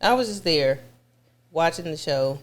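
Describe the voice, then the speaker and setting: A woman's voice: low voice, expressive, unhurried. A woman recounting an experience in casual conversation, effusive and repeating words for emphasis. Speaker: guest describing her experience.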